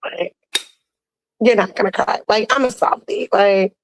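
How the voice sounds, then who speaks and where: A woman co-hosting a podcast, chatting casually and warmly, laughing and fighting back tears as she tells stories with playful quoted asides. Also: mid-range voice, a little slow, poor audio. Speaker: podcast co-host. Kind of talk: casual heartfelt chat.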